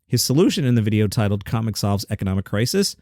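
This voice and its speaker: A male podcast host runs through comedy industry headlines in a wry, rambling monologue full of self-deprecating asides. His pitch swings widely from line to line. The sound is close and dry, with no room tone. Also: very animated, quick pace, darkish tone, no room sound.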